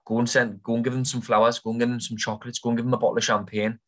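A man's voice: medium pitch, level tone, very fast, a bit bright. A young man, giving blunt, informal property advice as a podcast host in a casual monologue. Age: young adult.

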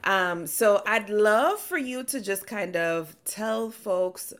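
A woman's voice: medium pitch, lively intonation, takes it slowly. Effusive woman with a Spanish accent. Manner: effusive, enthusiastic, warm praise. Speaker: podcast co-host interviewer. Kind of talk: casual interview.

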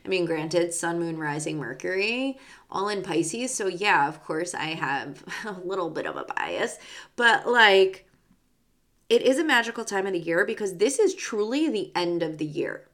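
A young woman who works as a psychic medium hosts a spiritual podcast, chatting in a bubbly, filler-packed way. Her voice sits on the lower side, very animated and fairly bright, at a normal speed.

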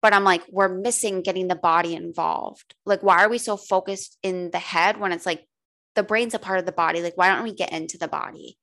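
A woman's voice: on the low side, fairly even intonation, a little fast, gravelly, a bit bright. A woman coach talking candidly in a casual podcast conversation, swearing freely and saying "like" a lot. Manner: candid, frequent swearing and filler "like". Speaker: holistic coach guest.

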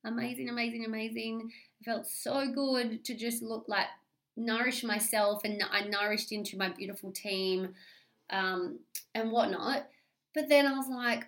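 An Australian woman talking openly and at length in a solo podcast, confessional and animated, swearing freely and rambling with restarts. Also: on the high side, unhurried. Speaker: podcast host. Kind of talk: candid solo podcast monologue.

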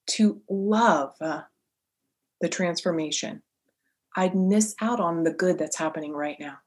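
Give me an emphatic woman coach talking straight to her listeners, lively and chatty. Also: medium pitch. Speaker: podcast host, coach. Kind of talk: motivational podcast monologue.

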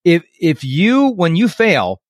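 Man podcast host, earnest questioner, voice a bit high, dry sound. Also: very animated, slow, no room sound. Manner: earnest, poses questions to the guest. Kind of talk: casual conversational interview.

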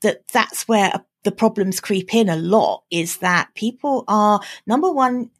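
A woman hosting a podcast in a casual conversation. Her voice is gravelly and raspy. She agrees emphatically and builds on her guest's points. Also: medium pitch, animated, measured pace. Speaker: podcast host.

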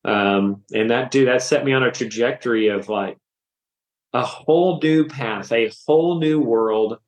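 A man's voice: medium pitch, unhurried. Man telling his faith story in a roomy echo. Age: 30s. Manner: animated, emotional storytelling with casual slang. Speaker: podcast guest. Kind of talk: personal faith testimony.

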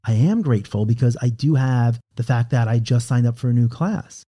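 A man with a mellow, warm voice at an ordinary middle pitch, hosting a podcast conversation. He explains things in an easygoing way and often slips into acting out his own inner voice. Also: fairly quick, few pauses. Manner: explains with acted-out inner monologue. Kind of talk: casual explanatory chat.

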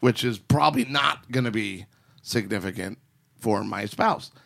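A man's voice: lowish voice, unhurried, vocal fry, a bit bright. A man hosting a podcast, giving relationship advice in a teasing, preachy way. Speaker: podcast host.

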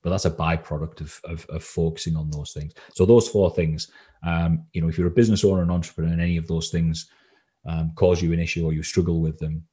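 A man's voice: sits low, flat delivery, quick pace, dark tone, husky. A man from England, a coach being interviewed on a podcast, talking casually with many ums and restarts. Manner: hesitant, lots of ums and restarts. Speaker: confidence coach guest.

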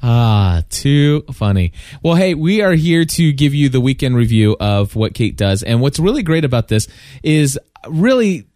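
A man's voice: medium pitch, very animated, unhurried, warm tone, dry recording, studio quality. A man co-hosting a podcast, chatting in an upbeat, friendly way. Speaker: podcast co-host. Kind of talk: casual podcast chat.

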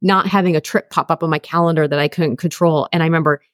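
Female guest, 40s, career coach; candid and conversational, low register, dry sound. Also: fairly even intonation, fast, no room sound. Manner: candid, chatty, many fillers. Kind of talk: conversational storytelling.

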